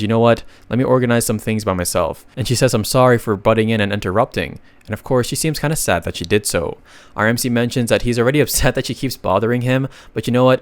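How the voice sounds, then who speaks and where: A man's voice: fairly low pitch, dry recording. Chatty man narrating a comic recap. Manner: chatty, joking asides to viewers.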